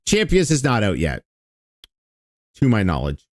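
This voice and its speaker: A lowish male voice, dry and close with no room sound, making sarcastic jabs as he reacts to a clip. He talks casually and swears freely, poking fun at the video. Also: wildly swooping pitch, measured pace, a little mellow, dry recording. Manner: mocking, sarcastic and profane. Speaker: streamer reacting to an old video.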